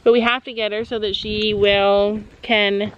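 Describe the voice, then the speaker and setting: A woman's voice: medium pitch, level tone, a little slow, muffled recording, a little hiss or hum. A woman chatting casually to her camera outdoors at a horse barn, soothing a frightened horse. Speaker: vlogger and mother. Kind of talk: casual vlog narration.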